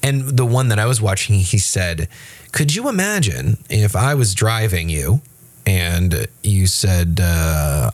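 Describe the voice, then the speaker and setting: Low-pitched guy on a church podcast, animated, acting out little quotes, lots of restarts. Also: moderate pace. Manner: animated, acts out quoted voices; frequent restarts and fillers. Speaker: podcast co-host. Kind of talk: casual faith podcast chat.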